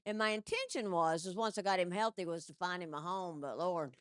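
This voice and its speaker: A woman comedian telling animated stand-up stories into a stage mic and laughing at her own jokes. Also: lowish voice, fairly quick, clear, resonant tone, dry recording, studio quality.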